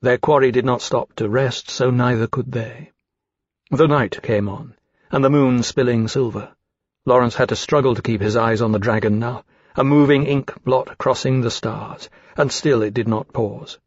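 A man narrates a novel in a measured, steady voice of middle pitch. The recording is close and dry, with a slightly dull, muffled top end. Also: no echo. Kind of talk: audiobook narration. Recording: dull dry studio sound.

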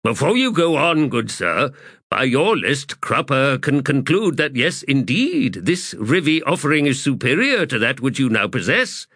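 A man's voice: mid-range voice, big pitch swings, a little slow, a bit bright, no room sound, clean studio sound, voice pushed up, full character voice. A man voicing a pompous, boastful male trader who speaks of himself in the third person, in an audiobook.

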